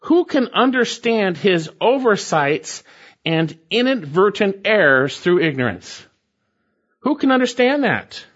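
A man's voice: sits high, big pitch swings, measured pace, fairly bright tone, lo-fi sound. A man preaching an expository sermon, emphatic and repeating key phrases to drive points home. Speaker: pastor.

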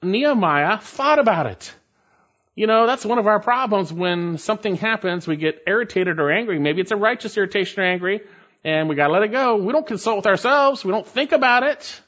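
Animated preacher man, dull lo-fi sound. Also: sits high, brisk. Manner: emphatic, repeats key points for stress. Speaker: pastor. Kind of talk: expository Bible teaching sermon. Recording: dull lo-fi recording.

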